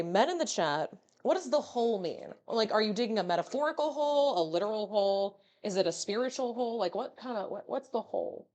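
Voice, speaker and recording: A woman's voice: mid-range voice, a little mellow. A young woman streaming live, chatting casually with her viewers in a playful, teasing way and swearing freely.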